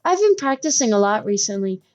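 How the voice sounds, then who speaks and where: Woman reading a gentle, polite schoolgirl. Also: medium pitch, big pitch swings, a little fast, highs cut off, soft background music, close to an everyday voice.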